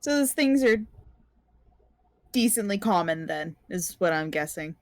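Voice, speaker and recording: A woman playing in a tabletop game, talking in an animated, playful way. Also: lowish voice, a little slow, dry recording. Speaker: player. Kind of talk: casual tabletop game play.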